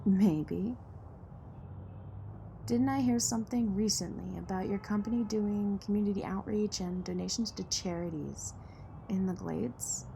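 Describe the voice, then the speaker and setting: A woman playing a blunt, distrustful young woman from a poor neighborhood in an audio drama, sharp-tongued and sarcastic. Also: medium pitch, a little slow, vocal fry, a little hiss or hum.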